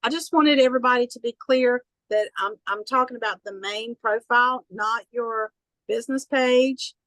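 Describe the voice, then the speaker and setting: A woman's voice: a little high, moderate pace, fairly bright tone, no echo, poor audio. A woman with a Southern accent leading an online business training, folksy and encouraging, chatty and upbeat.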